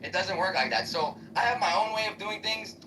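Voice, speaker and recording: A man's voice: sits high, animated, fairly quick, music in the background. A man ranting aggressively and with heavy profanity in a heated live-stream debate. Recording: voice distant from the mic.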